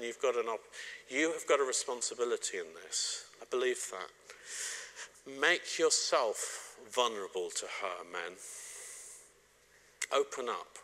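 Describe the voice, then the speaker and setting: A man's voice: fairly low pitch, moderate pace. A middle-aged man gives a sermon on marriage, speaking straight to the congregation and joking now and then. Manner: warm, joking, direct address to the congregation. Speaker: preacher.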